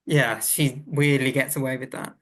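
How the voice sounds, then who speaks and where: A man's voice: medium pitch, flat delivery, normal speed, fairly bright tone. A Welsh man co-hosting a podcast, thinking aloud in casual chat with frequent restarts. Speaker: guest co-host.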